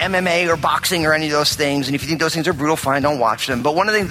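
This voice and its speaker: Animated pastor preaching in a hall. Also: male voice, a little high. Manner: animated, jokey preaching with acted-out quotes. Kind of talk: sermon. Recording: reverberant hall.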